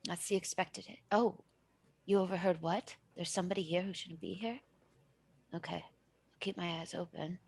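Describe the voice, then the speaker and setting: A woman voicing a hushed scheming man, whispered role-play. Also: high-pitched, fairly even intonation, breathy edge, pitched below the performer's own voice. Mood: secretive. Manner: hushed and hurried.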